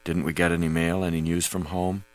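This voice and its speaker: A man voicing a weakened young woman researcher, speaking softly and subdued. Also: sits low, little pitch movement, a little fast, natural voice.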